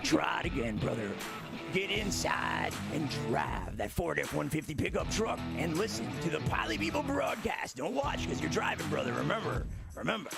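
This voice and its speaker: Woman doing a gravelly shouting wrestler pitchman. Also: big pitch swings, moderate pace, over loud music, heavily acted. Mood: blustering. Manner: loud, over-the-top shouting delivery. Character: brash shouting male wrestler pitchman, calls everyone brother. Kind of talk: impression parody commercial.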